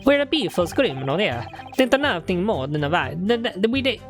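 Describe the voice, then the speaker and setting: A woman's voice: fairly high pitch, huge pitch swings, moderate pace, faint music behind, pitched above the performer's own voice. A woman voicing a cocky male burglar who talks in street slang and stammers through his excuses. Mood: evasive.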